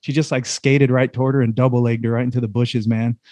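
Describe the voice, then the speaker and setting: A man with a warm, dark-toned voice, recorded dry and close. He co-hosts a casual podcast chat in a laid-back manner. He agrees easily and drops swear words into his stories. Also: medium pitch, level tone, fast, no room sound. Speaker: podcast co-host.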